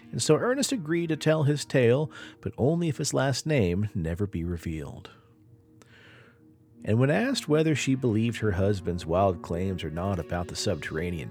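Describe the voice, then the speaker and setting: A man's voice: medium pitch, gravelly, a little mellow. A man hosting a podcast, telling a spooky story in a dramatic, rising and falling way. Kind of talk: storytelling narration.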